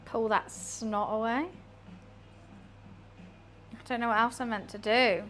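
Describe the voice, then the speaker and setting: Slightly high and steady in tone, the woman talks slowly with a fairly bright quality. While streaming her cooking from a home kitchen, she chats casually with her chat and pokes fun at herself. Faint sizzling of frying sits in the background.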